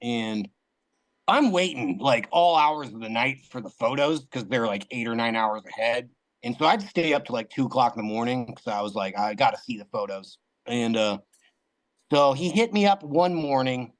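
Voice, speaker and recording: A man's voice: mid-range voice, moderate pace, low-quality recording. A man guest on a podcast, telling a long anecdote in casual chat, full of fillers and restarts.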